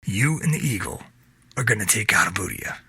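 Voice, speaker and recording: Guy reading as a curt army officer, husky bright voice, dead dry sound. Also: lowish voice, lively intonation, a little fast, no echo, heavily acted. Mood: stern. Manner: curt, commanding. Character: stern male army lieutenant colonel.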